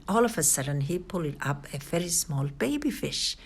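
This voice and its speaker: A woman hosting a channel, reading a children's picture book aloud in a slow, expressive way. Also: fairly low pitch. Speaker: storybook reader, channel host. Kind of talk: children's read-aloud narration.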